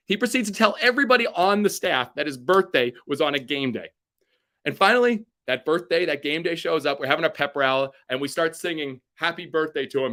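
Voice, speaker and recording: Energetic man telling a motivational story. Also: brisk. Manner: energetic storyteller acting out quotes with big pitch jumps. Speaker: keynote speaker.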